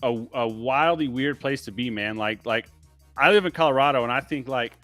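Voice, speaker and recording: A man's voice: mid-range voice, normal speed, fairly bright tone, dry recording, soft background music. Laid-back man dropping "man" everywhere. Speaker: guest, window tinter. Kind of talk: casual livestream chat.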